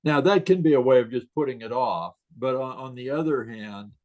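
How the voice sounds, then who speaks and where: A man speaking over a video call, sharing stories in an easy, storytelling way. He often chuckles at his own punchlines, and his voice sits at a middle pitch. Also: animated, moderate pace, low-quality recording. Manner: warm anecdotal delivery, laughs at his own stories. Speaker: guest author on questions. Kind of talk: casual interview storytelling.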